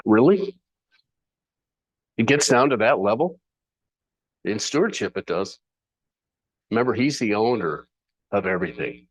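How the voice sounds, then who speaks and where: A man's voice: lowish voice, expressive, measured pace, long pauses. A man teaching a sermon in a conversational way, with playful asides and rhetorical questions. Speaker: Bible teacher.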